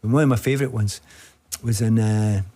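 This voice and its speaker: Lively Scottish man telling a yarn. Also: fairly low pitch, brisk. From Scotland. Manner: animated storyteller, laughs often, acts out quoted voices. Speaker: guest, former footballer. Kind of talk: casual anecdote telling.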